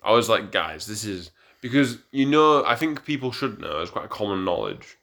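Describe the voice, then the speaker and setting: A man's voice: medium pitch, very animated, normal speed, creaky, a bit bright. A young man co-hosting a podcast in casual chat, tipsy from drinking and rambling with stumbling restarts. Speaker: podcast co-host.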